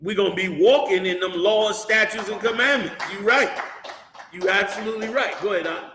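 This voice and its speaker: A man teaching a Bible class in a preaching style. He is animated, uses colloquial slang and keeps firing rhetorical questions at the class. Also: high-pitched, fairly quick, a little hiss or hum. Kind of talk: preaching-style scripture lesson. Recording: echoey room.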